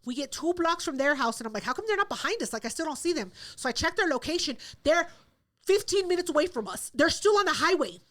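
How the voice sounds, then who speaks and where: A woman co-hosting a podcast, telling a story in a casual way, profane and animated, acting out what people said. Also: high-pitched, fast talker. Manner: profane, animated storyteller who acts out quotes. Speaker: podcast co-host.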